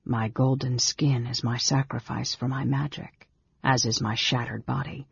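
A man voicing a frail, intense young male mage who speaks low, hushed and half-whispered. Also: level tone, measured pace, gravelly, breathy edge, highs cut off, exaggerated voice. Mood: brooding.

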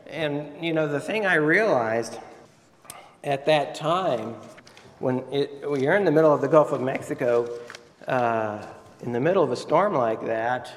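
A man's voice: medium pitch, in a large hall. A male pastor preaching a Sunday sermon in a church sanctuary, telling a story and asking his listeners questions. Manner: storytelling, asks the audience questions.

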